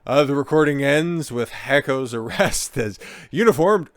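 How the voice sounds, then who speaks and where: A man's voice: medium pitch, animated, unhurried, no room sound. A man giving crude, sarcastic commentary while reading out a news story. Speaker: online commentator.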